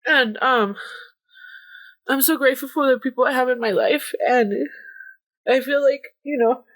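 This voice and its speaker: A woman's voice: sits high, normal speed, no room sound. A woman in her late twenties hosting her own podcast in casual chat, emotional and laughing through tears, now and then dropping into Spanish. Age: 20s. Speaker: podcast host.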